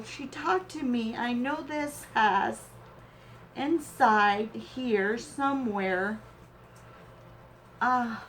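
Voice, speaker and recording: A woman with a high, bright pitch speaks at a very slow, lingering pace, gushing with teary awe as she opens a handmade craft gift. Faint background noise sits under her voice. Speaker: crafting channel host. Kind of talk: emotional unboxing of a craft swap gift.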